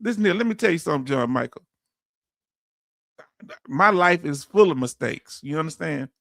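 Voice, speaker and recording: A man's voice: fairly high pitch, animated, normal speed, gravelly, a bit bright, no echo, studio quality. A man hosting a casual livestream, reading viewer comments aloud and calling his audience family in a heartfelt, emotional way.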